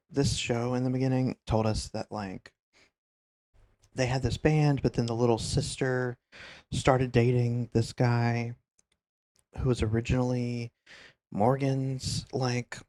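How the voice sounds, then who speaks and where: A man's voice: medium pitch, a little mellow. A man streaming a game, chatting casually in a rambling, hesitant way. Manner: rambling, hesitant, lots of fillers. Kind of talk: casual live-stream commentary.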